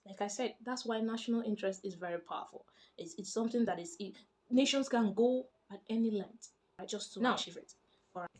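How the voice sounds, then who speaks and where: A woman's voice: medium pitch, quick pace. A woman, chatty and emphatic, explaining international politics in a casual vlog. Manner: chatty and emphatic, animated when making points.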